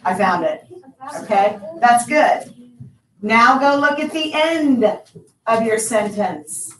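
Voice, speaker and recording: A woman teacher giving brisk, repeated instructions to her class. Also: fairly high pitch, fairly bright tone. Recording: echoey classroom from far off.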